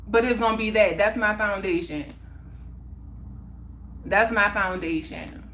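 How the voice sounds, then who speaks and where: A woman speaks with a bright, clear tone, hosting a casual livestream chat. She talks in an emphatic, heartfelt way and repeats phrases to drive her point home. A faint hum of room noise sits underneath. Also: medium pitch, unhurried. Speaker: livestream host.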